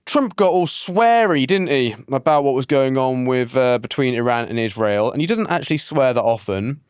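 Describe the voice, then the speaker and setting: A man's voice: mid-range voice, lively intonation, moderate pace, clean tone, dry recording, clean studio sound. A man co-hosting a podcast, loosely and jokingly steering the talk to his co-hosts. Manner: loose and jokey, steers topics to others. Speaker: podcast co-host. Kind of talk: casual political chat.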